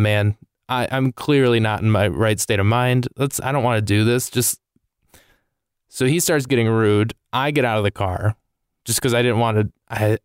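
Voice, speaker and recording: A man's voice: fairly low pitch, clear, resonant tone, no room sound, studio quality. A man, a comedian, telling a rambling, self-deprecating story in a casual way.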